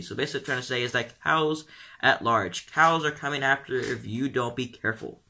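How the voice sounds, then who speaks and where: A teenage boy chatting casually on his vlog, rambling along with lots of ums and likes. His voice sits at a middle pitch and sounds very bright. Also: fairly quick, slight background noise. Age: teens. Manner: rambling, full of "um" and "like". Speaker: vlogger.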